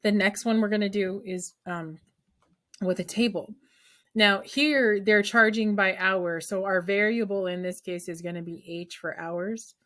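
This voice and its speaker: In an unhurried, slightly bright voice of medium pitch, a female teacher explains a math problem to her students one step at a time. She keeps it conversational and keeps asking whether they're following along.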